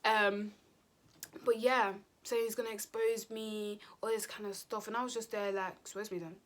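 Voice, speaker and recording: A young woman telling a casual storytime vlog, slangy and animated. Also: a little high, normal speed. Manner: slangy and animated, acting out quotes. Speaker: vlogger.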